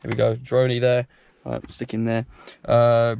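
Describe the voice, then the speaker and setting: A young man chatting casually to camera while driving and then outdoors, excitable and swearing freely. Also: medium pitch, moderate pace, gravelly. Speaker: vlogger. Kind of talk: casual driving vlog chat. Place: in a car, then outdoors by a reservoir. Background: car and road noise.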